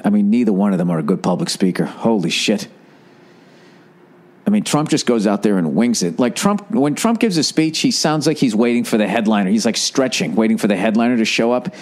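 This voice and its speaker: A man in his forties hosting a podcast, ranting in a casual comedic monologue with lots of profanity and quick impressions. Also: mid-range voice, darkish tone. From United States. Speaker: podcast host.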